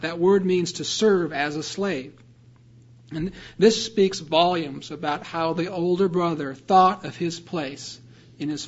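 A man's voice: a little high, highs cut off. A man preaching a sermon, explaining a scripture passage earnestly and reading verses aloud. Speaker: pastor.

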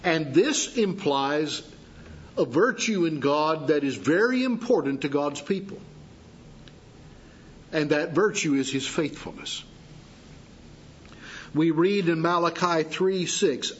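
A man preaching a sermon, teaching slowly and deliberately with pauses for emphasis. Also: fairly high pitch, animated, breathy edge. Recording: dull lo-fi sound.

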